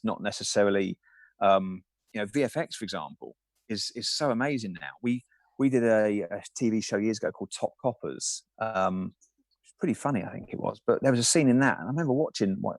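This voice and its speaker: Man, podcast guest, low voice, dry close sound, rambling stories, lots of ums. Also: dry recording. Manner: rambling anecdotes with many fillers. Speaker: film safety supervisor, guest. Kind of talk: casual podcast interview.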